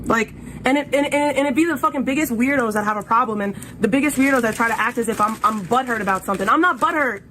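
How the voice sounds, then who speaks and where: Brash livestream host from New York City, a woman who gets loud and profane, with light noise behind her. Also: fairly high pitch, fast talker, hardly any pauses. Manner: loud, profane, animated, yells when flaming people. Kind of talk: heated livestream argument.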